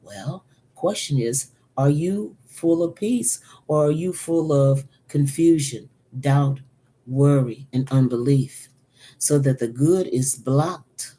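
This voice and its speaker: A woman's voice: extremely low pitch, slow pace, mellow. A woman prophet giving an earnest sermon, repeating phrases for emphasis and now and then dropping to a whisper. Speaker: prophet and preacher. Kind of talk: spoken sermon teaching.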